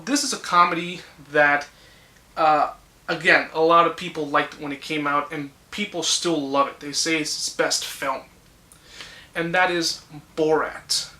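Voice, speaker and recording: A man's voice: a little high, bright, forceful tone. A man in his twenties giving his blunt, ranting opinions on movies in a casual vlog, swearing freely. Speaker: movie reviewer. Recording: echoey room.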